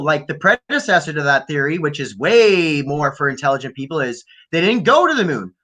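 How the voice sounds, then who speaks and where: Canadian guy, high bright voice, all over the place, swears a lot, podcast chat. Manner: animated, swearing, mock accents. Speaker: podcast co-host. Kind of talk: casual conspiracy chat.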